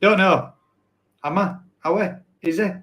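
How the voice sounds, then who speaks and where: A man's voice: high voice, unhurried, a bit bright. A man hosting a casual live stream, chatting and reading out viewer comments in a rambling, self-correcting way. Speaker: host.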